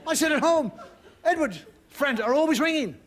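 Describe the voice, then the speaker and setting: A man performing a stand-up comedy monologue, animated and exasperated, sometimes breaking into shouts. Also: extremely high pitch, normal speed. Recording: loud audience laughter and noise.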